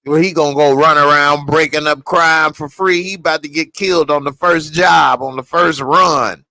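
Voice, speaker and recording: Man, casual reaction commentary, slangy, animated, bright tone, dry recording. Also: a little high, normal speed, no room sound. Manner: slangy, animated, laughs a lot. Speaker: TV reaction reviewer.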